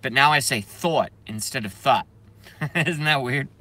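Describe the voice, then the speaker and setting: A man's voice: medium pitch, sharp tone. A man on a casual live stream, rambling and swearing, reading chat aloud and laughing often, with many trailing filler sounds. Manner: self-interrupting, drawn-out filler sounds.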